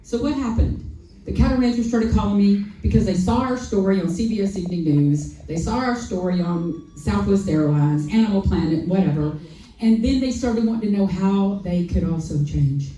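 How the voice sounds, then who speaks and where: Lady on a panel, dark mellow voice, boomy hall, mic kinda far away. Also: normal speed, a little hiss or hum. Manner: lively, acts out quoted dialogue, repeats key lines for emphasis. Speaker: sanctuary founder on a festival panel. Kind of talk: animated personal storytelling to an audience.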